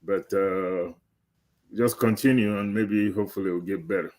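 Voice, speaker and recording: A man co-hosting a live stream, chatting in a relaxed, plain-spoken way over a video call. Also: deep voice, moderate pace. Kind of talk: casual chat.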